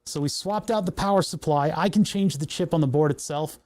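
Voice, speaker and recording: A young man streams himself troubleshooting electronics, thinking aloud and muttering as he works. His voice sits a bit high for a man yet has a mellow, soft tone. He gets exasperated and swears when the parts keep failing. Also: fairly quick. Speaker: livestream host. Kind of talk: casual livestream electronics tinkering.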